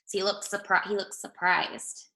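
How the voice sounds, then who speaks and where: A woman teacher reading a picture book aloud to small children, speaking slowly and clearly as she explains. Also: medium pitch, steady tone, sharp tone, poor audio. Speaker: pre-K teacher.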